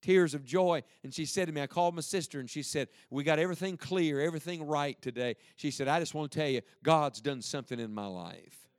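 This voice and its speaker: Preacher guy giving a sermon, kinda high voice, folksy and punchy, dry close sound. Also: a little fast, no room sound. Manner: folksy, emphatic preaching with storytelling.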